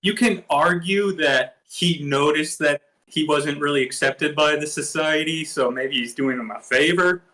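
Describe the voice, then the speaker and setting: A man co-hosts a casual movie review chat in a bright, slightly high voice. He puts forward thoughtful counterpoints and chimes in with short agreements. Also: measured pace, hardly any pauses. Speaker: podcast co-host.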